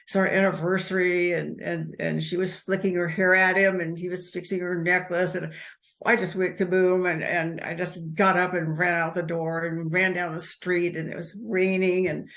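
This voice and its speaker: Gravelly-voiced older woman recounting her life. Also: lowish voice, little pitch movement. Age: 70s. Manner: halting, many restarts, soft laughs. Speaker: interview guest, author. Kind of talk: personal life story told in conversation.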